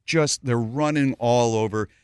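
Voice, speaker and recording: A man's voice: mid-range voice, unhurried, clean tone, no room sound, studio quality. A man hosting a radio show, telling a story in a casual way and acting out other people's voices. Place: radio studio.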